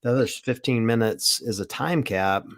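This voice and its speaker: A man's voice: mid-range voice, normal speed. A man co-hosting a podcast, chatting casually and poking fun at himself. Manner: chatty, self-deprecating. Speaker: podcast co-host. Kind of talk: casual chat.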